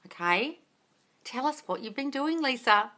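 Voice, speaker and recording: Woman coach reading comments on a live stream, super excitable, swears a lot, very bright sharp voice. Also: high voice, a little slow. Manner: gushing and excitable, calls listeners darling, swears freely. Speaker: manifesting coach and host.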